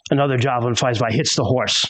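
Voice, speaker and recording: A man's voice: mid-range voice, fairly even intonation, fast, a bit bright, dry recording, rough recording. Man narrating as game master, dry sound. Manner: dramatic storytelling with character voices.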